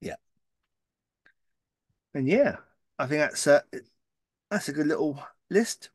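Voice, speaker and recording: A man's voice: fairly high pitch, animated, takes it slowly, no room sound, clean studio sound. A middle-aged man co-hosting a podcast in casual, joking chat, often trailing off and restarting. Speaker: podcast co-host.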